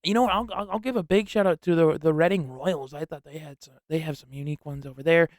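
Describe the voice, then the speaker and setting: Young male sports host, slangy and excitable, slightly high voice, dry booth sound. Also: fast talker, dry recording. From upstate New York. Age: young adult. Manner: rambling and excitable, heavy slang. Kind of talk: casual solo sports talk.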